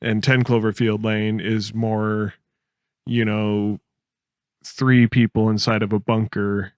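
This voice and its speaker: A man co-hosting a podcast in casual chat, laid-back and quick to chuckle. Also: lowish voice, little pitch movement, no room sound, clean studio sound. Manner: laid-back, chuckles often, acts out quotes. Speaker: podcast co-host.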